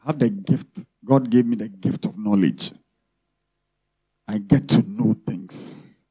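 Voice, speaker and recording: A man preaching to his church, his voice dark and mellow. He keeps asking the congregation questions as he goes. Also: lowish voice, takes it slowly, slightly rough. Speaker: pastor. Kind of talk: sermon.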